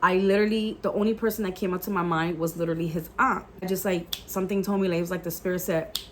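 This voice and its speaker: A woman's voice: fairly low pitch, fairly even intonation, quick pace, a little hiss or hum. A young adult woman telling a personal story to her viewers in a casual, chatty way, full of "like" and "guys". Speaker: YouTuber telling a personal testimony.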